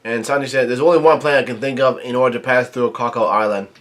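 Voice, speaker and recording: A manga reviewer, a man with a middle-pitched voice, reads aloud from a comic chapter and comments on it. His reading is halting, and he quotes the characters' dialogue flatly without acting it out.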